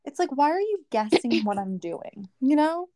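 A woman's voice: high-pitched, big pitch swings, moderate pace, dark tone, dry recording. A woman, co-hosting a podcast in casual chat, ranting through stories and quoting people with frequent laughs. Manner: chatty, ranting storyteller, quotes people, laughs often. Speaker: podcast co-host.

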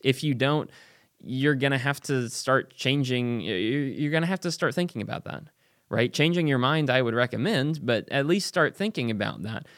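A man's voice: medium pitch, dry recording, clean studio sound. Earnest man talking through a Bible passage. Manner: earnest, thinking aloud with frequent "right?" asides. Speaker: Bible teacher. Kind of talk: casual Bible study talk.

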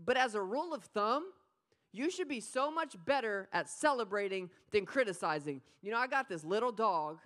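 A woman preaching an energetic sermon, playful and animated, often talking straight to the crowd. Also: medium pitch, moderate pace. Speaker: pastor.

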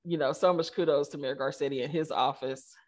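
A woman's voice: sits low, brisk. A middle-aged woman, a tech company co-founder, talking as a guest in a casual interview, telling stories with lots of fillers and acting out the quotes. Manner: animated storyteller, many fillers, acts out quotes.

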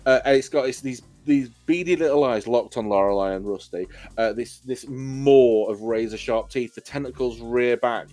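A man runs a tabletop game, rambling through his narration with plenty of ums and restarts. His voice sits at an ordinary pitch, with faint music playing underneath. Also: normal speed, few pauses, a little mellow, no echo. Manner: loose, rambling narration with many fillers. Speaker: game master.

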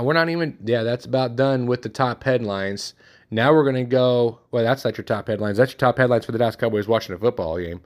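Rambling man talking sports picks. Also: fairly low pitch. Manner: rambling, self-correcting, thinks aloud. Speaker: sports podcast host. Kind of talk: casual sports picks talk.

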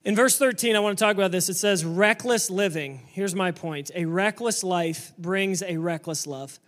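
A man preaching a sermon to a church congregation, energetic and emphatic, sometimes building up to shouting. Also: high voice, normal speed. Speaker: pastor.

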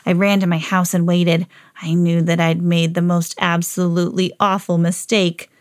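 A woman's voice: on the low side, moderate pace, pitched below the performer's own voice, natural voice. A woman reading a children's storybook aloud as a lovable, eager female pet dog. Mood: earnest. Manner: earnest storybook reading, rising excitedly.

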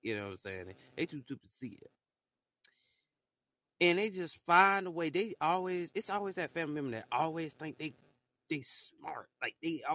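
Animated, profane man ranting. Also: on the high side, dry recording. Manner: animated, profane, repeats words. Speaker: podcaster. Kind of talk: casual monologue rant. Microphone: solo voice message.

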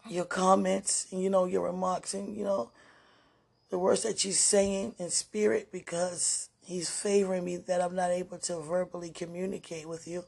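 A woman giving an emotional, prayerful spiritual monologue on a podcast, repeating phrases and often dropping to hushed murmurs. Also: fairly low pitch, creaky, breathy edge. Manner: repeats phrases, many fillers.

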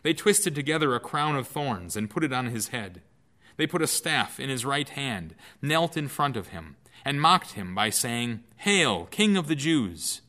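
Man reading scripture with lively emphasis. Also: mid-range voice, normal speed. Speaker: Bible lesson reader.

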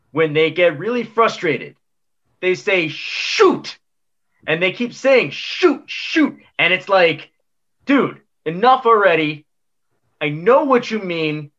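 A man's voice: sits high, a bit bright, highs cut off. A man co-hosting a podcast, ranting emphatically about something that annoys him. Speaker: co-host. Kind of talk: casual podcast chat.

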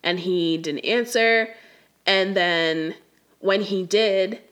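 A woman's voice: medium pitch, takes it slowly, a bit bright. Exasperated young woman ranting casually. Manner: exasperated, slangy, talks straight to the viewer. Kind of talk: casual storytime rant.

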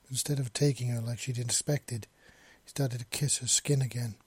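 A man's voice: mid-range voice, fairly even intonation, moderate pace, husky, no echo. A man reading a romance story aloud, with small slips and restarts. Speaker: narrator. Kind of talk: amateur fiction reading.

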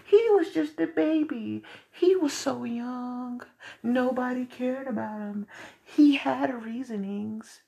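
Man doing a high whiny mock-sympathetic voice, sing-song, slow. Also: gravelly, mellow, heavily acted. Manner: sing-song, mocking, falsetto.

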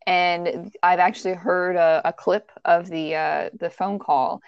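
A woman with a fairly low voice recounts a true-crime case on a podcast, talking casually and circling back with restarts and fillers. The recording is dry and close, with a slightly dull, muffled tone. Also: steady tone, a little slow, smooth, dry recording. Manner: conversational, hesitant restarts and fillers. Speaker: podcast host.

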